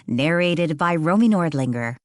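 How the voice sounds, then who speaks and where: A woman reading a mystery audiobook as narrator, in a measured, suspenseful way. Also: low voice, expressive, dry recording, clean studio sound. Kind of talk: storybook narration.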